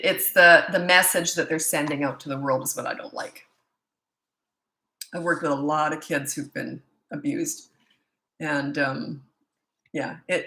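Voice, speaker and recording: Canadian lady in her 60s, parenting coach, firm and blunt, rambles a bit, bright tone, lots of room echo. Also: low voice. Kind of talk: live Q&A answering viewer questions.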